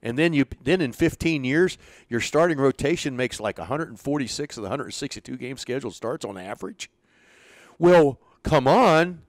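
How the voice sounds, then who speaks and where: A man's voice: medium pitch, moderate pace, no room sound. Older man telling baseball stories. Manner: animated storyteller, acts out quoted dialogue. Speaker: former pitching coach, interview guest. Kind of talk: storytelling in an interview.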